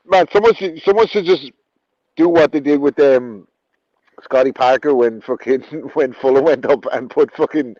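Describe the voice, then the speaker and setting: A man's voice: mid-range voice, moderate pace, darkish tone, no room sound. A British man co-hosting a casual boxing podcast, swearing freely in incredulous banter. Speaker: podcast co-host. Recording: dull lo-fi sound.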